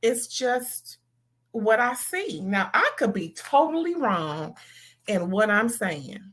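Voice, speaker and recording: Woman, put-on Southern accent, unhurried, sassy vlog commentator. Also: on the high side, sing-song, a bit bright. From California. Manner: chatty, sassy, slangy asides to viewers. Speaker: reality TV reviewer.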